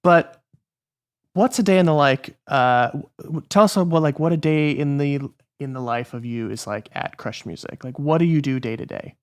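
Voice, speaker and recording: Young podcast host guy, smooth clear voice, easygoing and agreeable. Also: fairly high pitch, moderate pace. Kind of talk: casual podcast interview.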